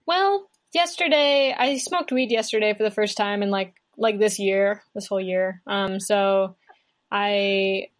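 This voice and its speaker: A young adult woman chatting as a guest musician, relaxed and rambling, with lots of fillers and restarts over a remote call setup. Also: medium pitch, unhurried. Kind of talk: casual chat.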